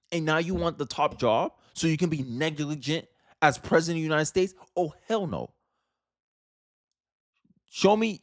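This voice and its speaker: A man's voice: a little high, no room sound, clean studio sound. A man from Florida hosting casual political commentary, talking emphatically with slang and frequent restarts.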